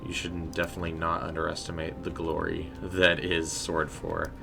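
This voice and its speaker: A man's voice: low-pitched, completely flat delivery, normal speed, gravelly, over music. A man streaming a game, chatting casually and rambling as he answers his chat. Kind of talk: casual live gameplay commentary.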